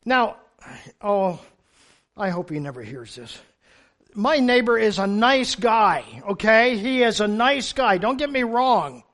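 An older man preaches to his congregation in a strikingly high, bright voice. His storytelling is animated and humorous, and he swings from soft asides to sudden loud bursts. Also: takes it slowly. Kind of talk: sermon. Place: church.

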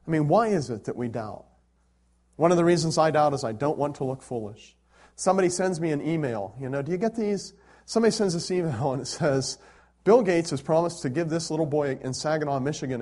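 A man preaching a sermon, animated and conversational, with humor and rhetorical questions. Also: on the high side. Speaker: pastor.

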